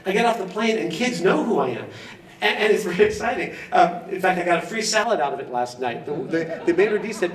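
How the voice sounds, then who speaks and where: A high-pitched man talks with bubbly enthusiasm at an event, breaking into laughter now and then. His voice rings through a big echoey hall and comes from some distance, away from the mic. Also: expressive, a little fast. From Los Angeles. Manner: enthusiastic and chatty, often laughing. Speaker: award recipient giving an acceptance speech. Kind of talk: off-the-cuff acceptance speech.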